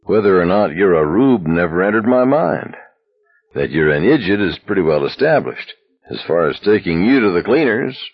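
A man voicing a calm, sly young man with a dry, sardonic wit in a slightly muffled recording. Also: low-pitched, normal speed, husky, no echo, heavily acted.

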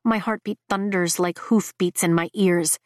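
A woman narrating a fantasy novel in the first person, with a measured, emotive reading. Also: fairly low pitch, steady tone, dry recording, clean studio sound. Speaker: audiobook narrator.

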